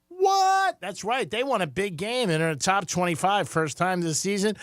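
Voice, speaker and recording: A man's voice: a little high, fairly bright tone, dry recording, clean studio sound. Upbeat man giving a radio sports rundown. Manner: upbeat, chatty, with filler "uh"s. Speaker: radio co-host doing sports updates. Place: radio studio. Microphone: studio microphone.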